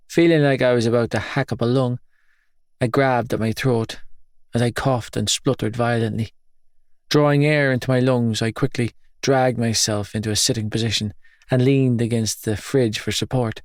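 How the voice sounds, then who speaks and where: A man narrating a first-person audiobook in a grave, measured, intense manner. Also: medium pitch, steady tone, dry recording, clean studio sound.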